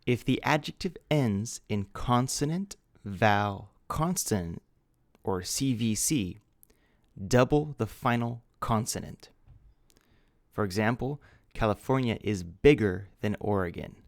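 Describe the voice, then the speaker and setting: Slow, gravelly teacher. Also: male voice, fairly low pitch, lively intonation, no room sound, studio quality. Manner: spells out words letter by letter, patient and deliberate. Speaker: English teacher. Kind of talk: slow grammar lesson.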